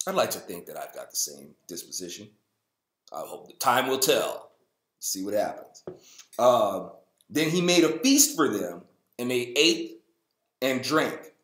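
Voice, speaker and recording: A man's voice: very animated, unhurried, pauses often, fairly bright tone, echoey room. A man hosting a casual Bible reading show, reading aloud and breaking in with jokes and goofy character voices. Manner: jokey, acts out the people in the story in goofy high voices. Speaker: host.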